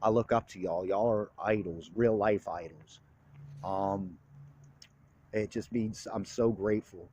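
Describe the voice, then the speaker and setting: A man's voice: on the low side, unhurried, darkish tone, slight background noise. A young man in recovery giving an earnest, plain-spoken personal monologue in blunt, casual street talk, open about his feelings. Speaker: recovery speaker.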